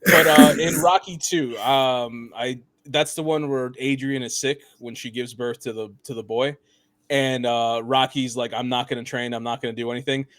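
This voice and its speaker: Animated, laughing male podcast host. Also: mid-range voice, moderate pace, dry recording. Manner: animated, laughs often, mimics voices in quotes. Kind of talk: casual review chat.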